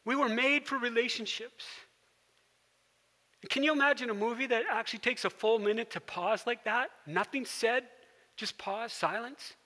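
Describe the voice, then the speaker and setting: A male pastor delivers a sermon in a high, sharp, bright voice. He tells it like a story and sinks into a gentle hush at quiet moments. His voice rings with the long reverb of a church hall. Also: moderate pace. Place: church sanctuary.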